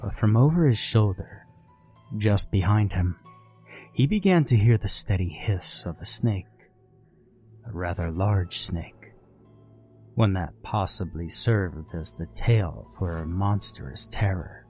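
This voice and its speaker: A man narrating a scary story in a slow, measured, grave way. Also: low voice, a little mellow, faint music behind. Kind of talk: scripted horror narration.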